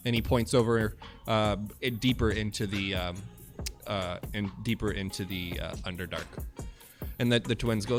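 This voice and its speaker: A man narrating as game master in a tabletop game, an animated storyteller who stumbles over fillers. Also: fairly low pitch, moderate pace, soft background music.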